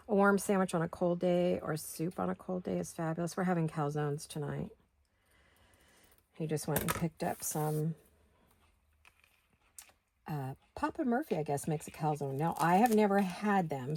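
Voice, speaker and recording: A middle-aged woman with a slightly low, gravelly voice talks through her crafting in a relaxed, chatty way. She thinks aloud as she goes, questioning herself and then moving on. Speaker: craft video host. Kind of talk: casual craft-along chat.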